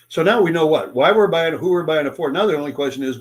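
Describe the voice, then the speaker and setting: Animated older man telling sales stories. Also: on the high side, fast talker, few pauses. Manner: animated, acts out sales dialogues in different voices. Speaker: sales speaker and author. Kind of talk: interview guest storytelling.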